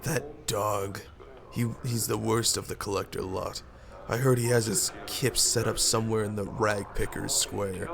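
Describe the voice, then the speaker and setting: A man's voice: fairly low pitch, fairly even intonation, measured pace, gravelly, noisy background. A man reading aloud the lines of a blunt woman initiate in a game, with folksy turns of phrase. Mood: wary. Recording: game music behind.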